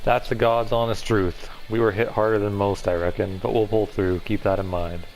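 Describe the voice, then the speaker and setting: A man's voice: fairly low pitch, level tone, normal speed, a little mellow, close to an everyday voice, rough recording. Man reading as a blunt worried mother. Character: worried rural mother, middle-aged, blunt. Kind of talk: reading a text game aloud.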